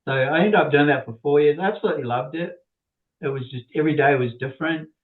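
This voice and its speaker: A man's voice: on the high side, quick pace. A man, an inventor and podcast guest, telling a rambling story with many restarts and little laughs. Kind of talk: casual storytelling. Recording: tinny phone-like line.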